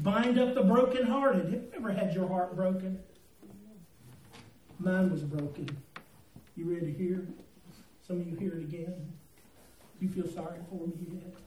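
A man's voice: fairly high pitch, mellow, a little hiss or hum. A man preaching a sermon in a church, telling folksy stories with jokes and asides to the congregation. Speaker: pastor. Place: church sanctuary. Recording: echoey hall, mic from a distance.

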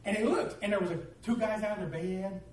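A man's voice: high voice, fairly quick, a little mellow. A man preaching a sermon as pastor, telling stories with humor and animation. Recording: echoey room, distant mic, faint noise.

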